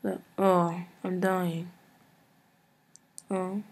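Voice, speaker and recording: Husky-voiced young woman gamer. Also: on the low side, little pitch movement, very slow. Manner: chatty, swings from loud outbursts to mumbling. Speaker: let's play gamer. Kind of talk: let's play commentary. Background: faint game music.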